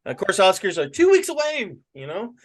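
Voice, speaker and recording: A man's voice: high voice, huge pitch swings, moderate pace, no echo. A man co-hosting a podcast, chatting casually and joking with many fillers. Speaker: podcast co-host.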